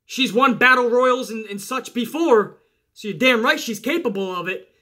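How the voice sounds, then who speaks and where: A man hosting a casual wrestling podcast, animated and chatty, swearing and talking straight to his listeners. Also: extremely high pitch, moderate pace. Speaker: podcast host.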